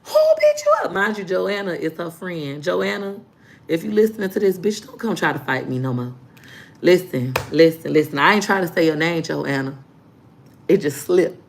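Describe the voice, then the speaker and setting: A woman in casual vlog storytelling, animated and joking. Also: lowish voice, normal speed, creaky, a little hiss or hum. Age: adult. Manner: animated storyteller, acting out quotes. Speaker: vlogger.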